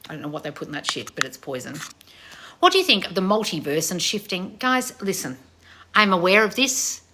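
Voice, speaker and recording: A woman in her thirties, a channel host reading viewer comments in a loud, blunt, casual way and swearing freely. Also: lowish voice, sing-song, fairly quick, background noise. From family of Croatian heritage. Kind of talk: casual live chat.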